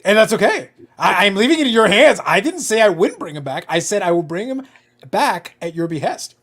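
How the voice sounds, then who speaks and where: A man's voice: sits high, sing-song, fast, fairly bright tone. A man hosting a casual hobby livestream, teasing his guests in a playful, mock-bossy way. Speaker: livestream host.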